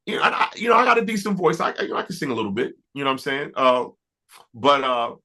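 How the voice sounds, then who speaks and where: A middle-aged man, an R&B producer, telling stories in a casual interview, animated and stumbling over restarts. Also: medium pitch, fast. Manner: animated, laughing storyteller with many restarts.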